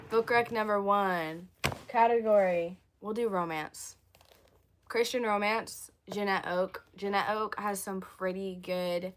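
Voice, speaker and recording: A young woman from the States, chatting casually with viewers on a livestream, her voice hoarse from losing it. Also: medium pitch, slight background noise. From southern United States. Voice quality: chatty, addresses viewers as y'all. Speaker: livestream host.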